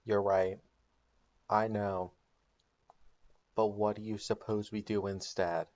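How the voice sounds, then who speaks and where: A man's voice: on the low side, flat delivery, slow, a little mellow, muffled recording. A man doing a grim stubborn crime-boss father. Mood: resigned. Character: grim middle-aged male meth-cook patriarch.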